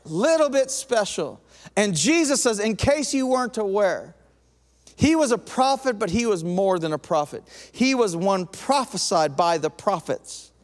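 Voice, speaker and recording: A man preaching a sermon with an animated delivery, swinging from lively emphasis to a soft, intense tone. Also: high voice, a little slow, in a large hall. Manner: animated, acts out quoted voices, drops to soft intense tone.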